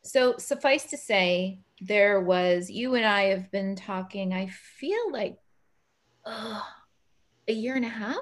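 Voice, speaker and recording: A woman hosting a casual interview over a video call, emotional and quick to laugh, calling herself a big softie. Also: medium pitch, lively intonation. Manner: warm, emotional, laughs often. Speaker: podcast host.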